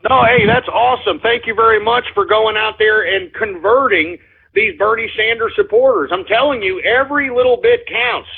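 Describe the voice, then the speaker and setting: A man's voice: high voice, normal speed, vocal fry, slightly rough. A man hosting a call-in radio show, ranting heatedly with lots of profanity and repetition. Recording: lo-fi phone-like sound.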